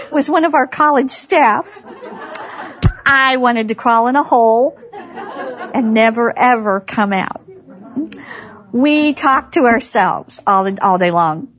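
A woman's voice: fairly high pitch, slow pace, a bit bright, some chatter behind. A woman gives a humorous, chatty devotional talk to women, laughing often as she tells stories. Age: 60s. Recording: dull lo-fi recording.

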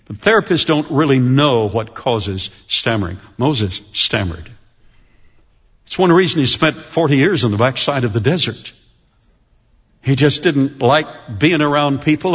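Animated husky male preacher. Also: mid-range voice. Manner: lively, animated delivery with slowed emphasis. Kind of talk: sermon storytelling. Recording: dull lo-fi recording.

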